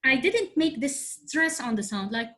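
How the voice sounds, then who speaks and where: A woman's voice: a little high, animated, sharp tone. Woman teaching grammar over a video call. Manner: slow, spelled-out explanations with frequent check-ins. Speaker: English teacher. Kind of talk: online class teaching.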